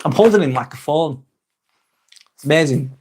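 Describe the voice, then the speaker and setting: English bloke hosting a loose live chat, jokey and crude, voice sits a little high. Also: male voice, animated, moderate pace, a little mellow, breathy edge. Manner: sweary, joking and self-mocking. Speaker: live stream host. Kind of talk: casual live-stream chat.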